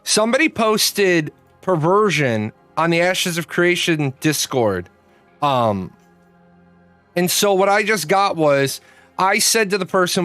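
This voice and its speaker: A man's voice: sits high, animated, unhurried, a bit bright, smooth, dry recording, faint music behind. A man hosting a livestream, telling a rambling, profane story with many restarts. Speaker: host. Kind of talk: casual livestream chat.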